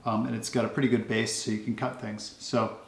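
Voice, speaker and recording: Guy showing his kitchen knives, gravelly voice, lots of ums, echoey kitchen. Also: lowish voice, brisk. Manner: relaxed, rambling, many ums. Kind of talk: casual show-and-tell. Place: home kitchen.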